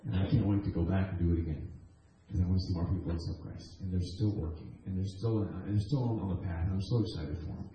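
A man's voice: sits low, steady tone, fast, hardly any pauses, warm tone. A man preaching a testimony sermon, telling stories earnestly and animatedly, with frequent restarts. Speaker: guest preacher. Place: church sanctuary. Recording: echoey church hall.

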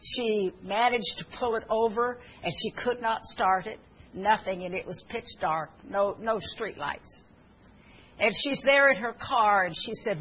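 A woman's voice: mid-range voice, measured pace, fairly bright tone, husky, rough recording. A woman preaching a sermon, telling stories earnestly with fillers and restarts, and urging her listeners fervently.

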